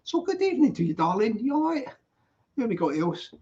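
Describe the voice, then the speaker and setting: A man's voice: extremely high pitch, very animated, a little fast, darkish tone. A man in his sixties with a Glaswegian accent touched by London, hosting a livestream and chatting casually, rambling with many yeahs. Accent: Glaswegian with London influence. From Glasgow, Scotland. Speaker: livestream host. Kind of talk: casual livestream chat greeting viewers. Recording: dull lo-fi stream audio.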